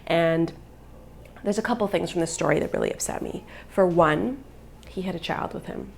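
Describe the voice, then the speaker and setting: Give me a woman vlogger with a gravelly voice, telling her own story earnestly. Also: fairly low pitch, moderate pace, a little hiss or hum. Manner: earnest, emotional retelling. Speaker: vlogger and mother. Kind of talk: personal storytelling vlog.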